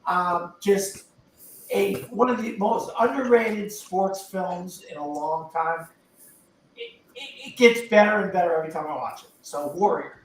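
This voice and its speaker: A man's voice: sits high, expressive, a little slow, slight background noise. An older man casually and enthusiastically telling a long rambling story about a movie on a panel. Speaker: podcast panelist. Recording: echoey, distant from the mic.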